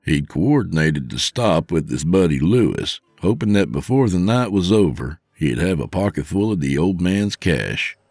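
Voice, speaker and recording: A man with a very deep voice narrates a scripted horror tale. His delivery is lively and theatrical. The sound is dry and close, with faint music behind him. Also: moderate pace, few pauses, breathy edge, no room sound. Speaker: podcast narrator.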